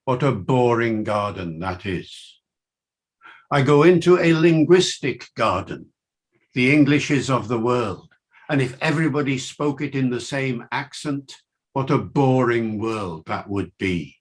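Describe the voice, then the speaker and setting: An older man with a mixed Welsh and Liverpool accent, giving a university lecture with enthusiastic, swinging emphasis. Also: unhurried. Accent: Welsh and Liverpool mix. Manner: enthusiastic, lively pitch swings.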